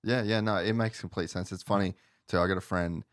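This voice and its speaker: A man hosting a podcast interview, relaxed and casual, with frequent affirmations. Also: sits low, a little fast, clear, resonant tone, no room sound, studio quality. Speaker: podcast host.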